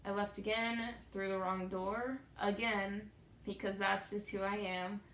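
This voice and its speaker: A woman's voice: medium pitch, flat delivery, unhurried, fairly bright tone, reverberant, a little hiss or hum, rough recording. A young woman vlogging a self-deprecating story about her day, acting out what people said. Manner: self-deprecating, acts out quotes. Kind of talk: storytelling vlog.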